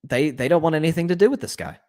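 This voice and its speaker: A man's voice: fairly high pitch, expressive, fast, darkish tone. A young man hosting a sports commentary show, ranting with indignation and lots of restarts.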